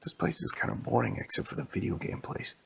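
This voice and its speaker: A man voicing a mischievous boy character in a softly whispered bedtime-style story. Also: fast, a little hiss or hum, close to an everyday voice. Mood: eager.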